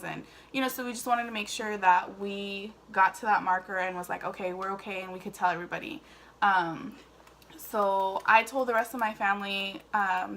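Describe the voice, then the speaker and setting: A woman's voice: mid-range voice, bright, forceful tone, slight background noise. A woman telling her own story casually to camera, chatty and full of fillers. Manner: chatty, emotional, many fillers. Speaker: vlogger.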